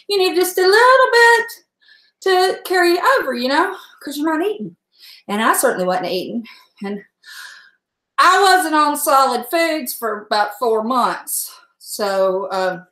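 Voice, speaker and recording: A home cook livestreams while she cooks, chatting casually in a fairly bright, somewhat high voice. She wanders from topic to topic and speaks frankly, tossing in the occasional salty word. The room has a noticeable echo.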